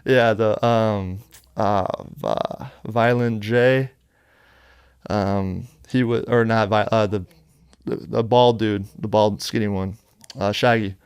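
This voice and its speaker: A man's voice: lowish voice, steady tone, slow, clear, resonant tone, dry recording. A male rapper as a podcast guest, telling stories bluntly and with heavy profanity in casual conversation. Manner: blunt, heavily profane, heated. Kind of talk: casual interview storytelling. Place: podcast studio.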